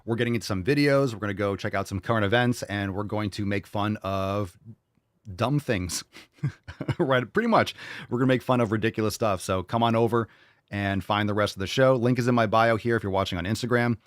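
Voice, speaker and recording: A young man hosts a live podcast, tossing out jokes and irreverent asides between viewer questions. His voice sits low, and the sound is close and dry with no room around it. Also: no room sound. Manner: joking, irreverent, quick asides and put-on voices. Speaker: podcast host.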